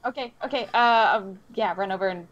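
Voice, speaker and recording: A woman's voice: medium pitch, a little fast, highs cut off, slight background noise. A woman playing a tabletop role-playing game, eager and giggly. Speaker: player. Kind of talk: tabletop role-play chat.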